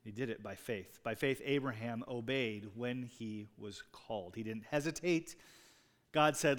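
A man's voice: mid-range voice, moderate pace. A man preaching a sermon in a conversational way, with rising emphasis on key words. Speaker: pastor. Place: church sanctuary. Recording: long reverb in a large hall.

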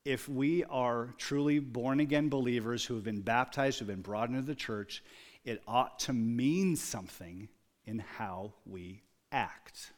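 A man preaching a sermon, moving from quiet, reflective storytelling to loud, emphatic exclamations. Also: mid-range voice, measured pace. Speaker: pastor.

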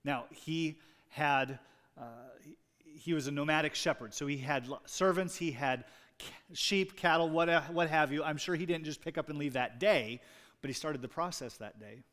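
A man's voice: a little high, moderate pace, a bit bright. A man preaching a sermon in a conversational way, with rising emphasis on key words. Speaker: pastor. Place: church sanctuary. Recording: long reverb in a large hall.

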